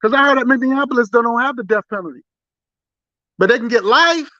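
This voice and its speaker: A man's voice: very high-pitched, fairly quick, sharp tone, dry recording, muffled recording. A man giving impassioned political commentary as a talk radio panelist, emphatic and indignant, stumbling over repeated words.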